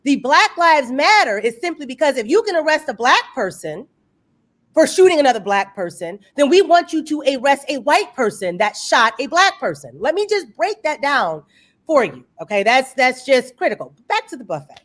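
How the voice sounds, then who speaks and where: A woman's voice: high-pitched, big pitch swings, moderate pace, fairly bright tone. A woman hosting an online discussion over a video call, speaking emphatically in a preacherly way and repeating points for stress. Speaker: host. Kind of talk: impassioned discussion.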